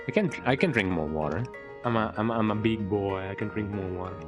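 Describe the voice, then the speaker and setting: A man's voice: mid-range voice, brisk. A man streaming a game with casual, playful commentary. He repeats words in a goofy sing-song and often ends sentences with "eh?". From Mexico. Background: game music.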